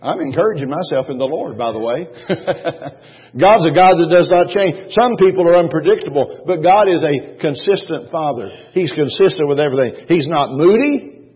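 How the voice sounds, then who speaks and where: A man's voice: on the high side, animated, moderate pace, husky. A man preaching a sermon as pastor, repeating his points emphatically, asking the congregation questions and chuckling between lines. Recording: dull, long church-hall reverb.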